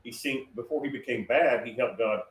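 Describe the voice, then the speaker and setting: In a medium-pitched, fairly quick voice, a man casually describes a prophetic dream as a guest, wandering through it with lots of fillers and false starts. It's captured on a distant mic in a roomy space with faint noise.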